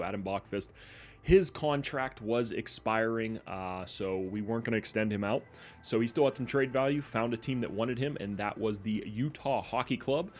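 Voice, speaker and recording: A young man giving relaxed, chatty gameplay commentary as a gaming YouTuber, with plenty of fillers. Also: medium pitch.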